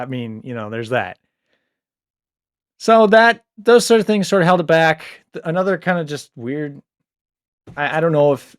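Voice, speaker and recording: A man's voice: mid-range voice, dry recording, clean studio sound. Rambling man reviewing a book. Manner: rambling, filler-heavy, animated asides. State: low on sleep. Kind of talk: casual book review vlog.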